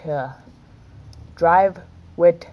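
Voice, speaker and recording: A woman giving let's play commentary, excitable, squealing and shouting at the game as she plays. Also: fairly low pitch, very slow, low-quality recording. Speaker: gameplay commentator.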